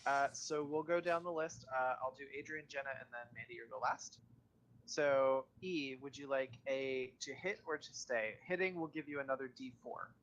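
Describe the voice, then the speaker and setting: Relaxed man running a tabletop game. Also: mid-range voice, normal speed, low-quality recording. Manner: relaxed, explains rules with filler ums. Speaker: game master.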